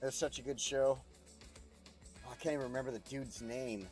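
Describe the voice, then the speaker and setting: Man, mid-pitched, loose profane gameplay chatter, laughs a lot; cast as a casual streamer. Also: fairly even intonation, brisk, darkish tone, soft background music. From United States. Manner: rambling, profane, chuckles often. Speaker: streamer playing a city-building game.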